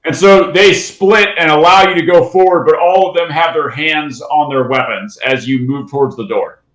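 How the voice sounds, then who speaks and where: A man narrating a tabletop game as game master, halting and pausing often. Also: on the high side, a bit bright, echoey room, rough recording. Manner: halting, with many fillers and restarts.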